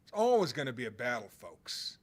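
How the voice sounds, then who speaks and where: A man's voice: medium pitch, big pitch swings, a little fast. A man preaching a sermon, quoting scripture with earnest emphasis and rising bursts.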